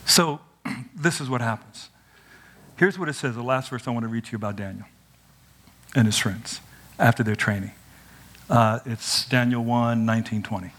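A young man preaching an energetic sermon, animated and playful, swinging from loud cries to quiet asides. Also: mid-range voice, normal speed, long pauses. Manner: conversational and playful, acts out quotes.

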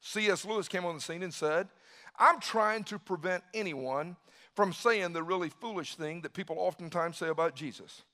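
A man preaching a sermon, swinging from quiet musing to loud bursts and repeating phrases for emphasis. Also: high voice, moderate pace. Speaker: pastor.

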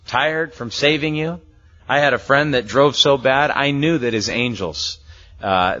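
Heard on a muffled, lo-fi sermon recording, a pastor's medium-pitched voice comes across pushed and bright. He preaches in a conversational way, going through a Bible passage verse by verse, chuckling often and playing out the people in the story.

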